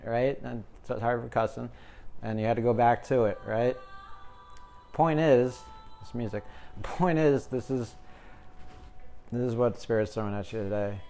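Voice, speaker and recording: A man's voice: medium pitch, fairly even intonation, normal speed, mellow. A man giving a casual, jokey tarot reading, talking to his viewers as the collective. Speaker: tarot reader. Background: music.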